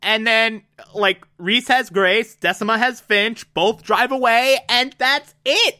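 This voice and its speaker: A speaker recapping a TV episode in a casual, gushing way, breaking into excited outbursts. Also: medium pitch, takes it slowly.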